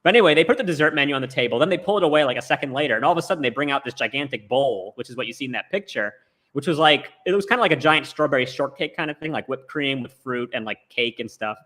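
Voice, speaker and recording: A man's voice: medium pitch, animated, racing, fairly bright tone. A man rambling through a story in casual chat over a remote call, with lots of "like" fillers. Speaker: storyteller on a talk show. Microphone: remote video call.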